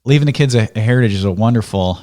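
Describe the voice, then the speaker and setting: A middle-aged man talks with his father on a podcast, his voice sitting fairly low. He tells family stories in a relaxed, reflective way, the tone of a casual conversation. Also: very fast. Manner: storytelling, reflective. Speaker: podcast host.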